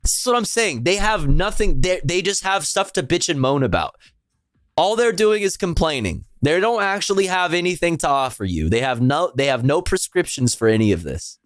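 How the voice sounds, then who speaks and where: A man's voice: a little high, very animated, normal speed, no echo, studio quality, soft background music. A man streaming live, reacting to a speech with sarcastic, profane, incredulous commentary and frequent laughter.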